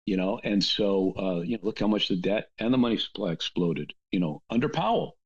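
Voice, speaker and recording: Husky man ranting in casual talk. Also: on the low side, fairly quick. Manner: animated, many restarts and asides. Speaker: podcast guest. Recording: dull lo-fi sound.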